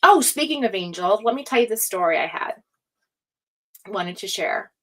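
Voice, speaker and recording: A woman's voice: mid-range voice, animated, normal speed. A woman hosting a tarot livestream, chatting casually with viewers in an emotional, rambling way, laughing often. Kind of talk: casual chat reading live comments.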